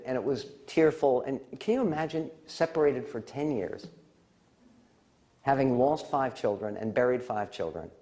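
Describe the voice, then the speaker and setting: A man giving a storytelling speech as an author, pausing with fillers and then jumping up in pitch when he gets excited. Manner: animated, pitch leaps high when excited; warm family anecdote, with pauses and fillers. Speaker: public speaker and author.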